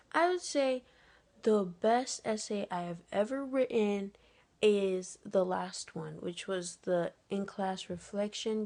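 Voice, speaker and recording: A woman student answering reflection questions in a thoughtful way, her sentences often trailing into soft breathy endings. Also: medium pitch, no echo.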